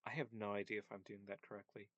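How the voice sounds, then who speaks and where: A man's voice: on the low side, level tone, racing, fairly bright tone, dry recording, highs cut off. Hesitant man thinking aloud, dry sound. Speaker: language teacher. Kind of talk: casual screen-share lesson.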